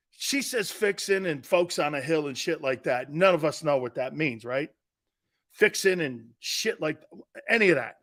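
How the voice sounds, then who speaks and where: A brash man hosting a sports talk show, rambling from one story to the next and laughing at his own jokes. His voice sits a little high for a man and rings bright and forceful as he breaks into loud bursts.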